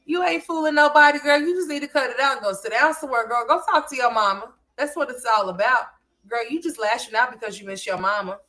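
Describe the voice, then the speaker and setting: A woman's voice: fairly high pitch, lively intonation, fast, bright, forceful tone. Sassy scolding woman commentary host. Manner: sassy, scolding, addresses people as girl. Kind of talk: casual commentary rant.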